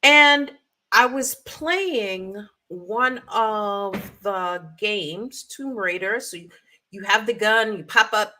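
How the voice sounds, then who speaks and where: Slow-talking bright-voiced woman telling stories. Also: mid-range voice. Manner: animated, acts out sounds and quotes. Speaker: podcast co-host. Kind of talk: casual storytelling chat. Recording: live stream call audio.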